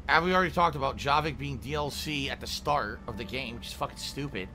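A man giving casual gameplay commentary, excitable and prone to laughing and mock-outraged rants. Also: mid-range voice, fast, hardly any pauses, noisy background.

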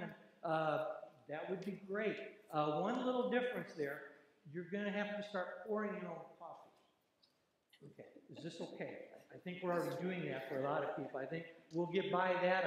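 Guy doing church announcements, high voice, folksy jokey, big echoey church hall. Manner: folksy and joking, with many ums and uhs. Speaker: church leader giving announcements. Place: large church sanctuary.

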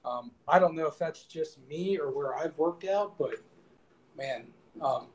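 A man's voice: a little high, unhurried, a little mellow, poor audio. A man on a panel who speaks candidly, with frequent fillers and hesitations. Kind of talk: casual panel discussion.

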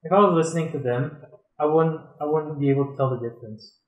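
A man's voice: on the high side, quick pace, roomy sound, highs cut off. A man chatting casually while playing a game, blunt and teasing. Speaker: gamer, show regular. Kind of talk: casual gaming chat.

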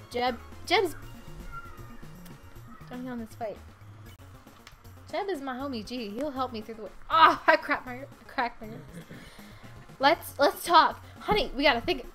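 A woman with a high voice chats her way through a video game stream. She talks casually, reacts out loud and laughs often. Faint game music plays behind her. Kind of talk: casual let's-play commentary.

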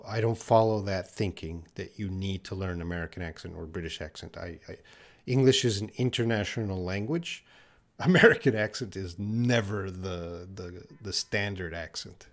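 A man teaching English in a live question-and-answer stream, reading viewer questions aloud and answering them patiently. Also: sits low. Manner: slow, patient, reads viewer questions aloud then explains.

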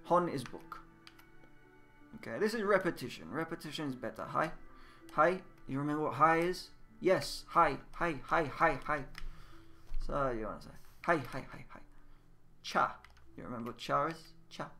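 A man giving a casual, patient Japanese lesson, repeating words and drilling them slowly. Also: fairly high pitch, lively intonation, bright, forceful tone, soft background music. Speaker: Japanese language teacher. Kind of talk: casual spoken language lesson. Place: indoors at a computer, game voice chat.

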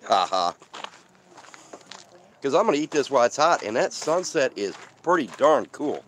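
A van-life vlogger hosts a live stream from an outdoor desert campsite, chatting and rambling casually while he eats and reads out viewer comments. His voice is on the high side and sing-song, a little fast with frequent pauses, over slight background noise.

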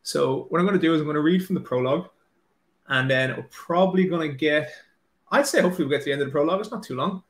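A man's voice: fairly high pitch, rapid-fire, echoey room. An Irish man, an author, chatting casually and nervously with lots of fillers and restarts. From Ireland. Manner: self-deprecating, nervous, many filler likes and restarts. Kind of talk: casual chat, then reading aloud.

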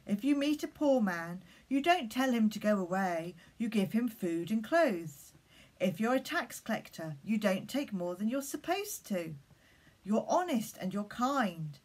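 A fiery prophet calling out urgent, insistent warnings, as a woman puts him on while reading a children's story. The delivery is slow and deliberate, with a husky, breathy edge. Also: medium pitch, big pitch swings.

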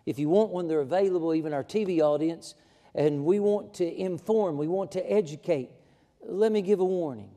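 A man's voice: high-pitched, moderate pace, dark tone, long reverb tail. A man preaching a sermon in a folksy, emphatic way, building to fervent passages. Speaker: pastor. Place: church sanctuary.

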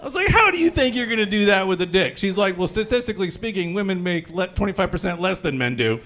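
A young man with a high voice performs crude stand-up at a brewery gig. He tells his stories with lively energy and acts out panicked voices in them. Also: fast. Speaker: stand-up comedian. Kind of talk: stand-up comedy set. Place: brewery comedy show.

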